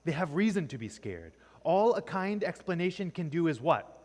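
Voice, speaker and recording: A man's voice: on the high side, very animated, moderate pace, a little mellow. A man teaching a class on poetry in a church classroom. He keeps quizzing the students and ends nearly every point with "right?". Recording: long echoing reverb.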